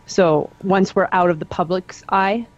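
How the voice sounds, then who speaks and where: Woman player, low voice, deliberate, muffled lo-fi audio. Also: steady tone. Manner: deliberate, states her actions plainly. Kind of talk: playing a tabletop game.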